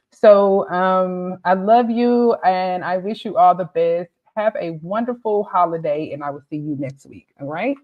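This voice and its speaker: A woman's voice: on the low side, muffled recording. A woman tutor giving a motivational, conversational talk to her students, often checking in with "okay?" and "right?". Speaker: pharmacy tutor.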